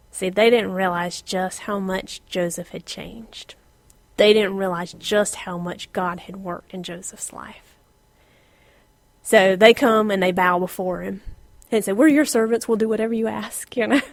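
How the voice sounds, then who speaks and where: Woman, middle-aged, informal Bible lesson, lively delivery, drops to whispers, dry close sound. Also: mid-range voice, measured pace, creaky, no echo. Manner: animated, laughs often, drops to a whisper for emphasis. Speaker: Bible teacher.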